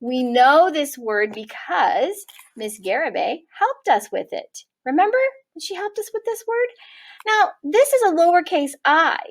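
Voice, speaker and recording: A kindergarten teacher woman with a fairly high, very lively voice guides small children through writing. She spells words out slowly and encouragingly, in a clear teacherly way. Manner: warm, encouraging, slow-spelling teacher talk. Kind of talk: early-years writing lesson.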